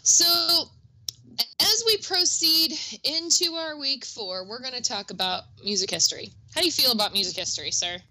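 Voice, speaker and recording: A woman's voice: high voice, normal speed, bright, forceful tone, rough recording. A middle-aged woman co-hosting a music teaching podcast, chatty and upbeat with self-deprecating asides. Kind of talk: casual educational podcast chat.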